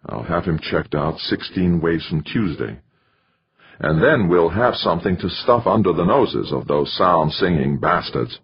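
A man's voice: sits low, big pitch swings, measured pace, slightly rough, lo-fi sound, exaggerated voice. A man voicing a brash, eager male publicist with a scornful edge.

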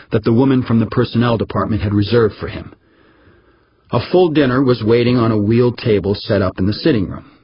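A man with a husky voice reading a story aloud as narrator, giving the characters slightly different voices. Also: fairly low pitch, dull audio. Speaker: audiobook narrator. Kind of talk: scripted narration.

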